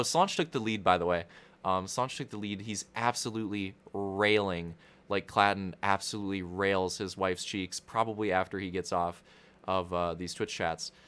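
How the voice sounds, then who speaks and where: A man's voice: lowish voice, a bit bright. A young man rambling through casual livestream race commentary, profane and constantly interrupting himself.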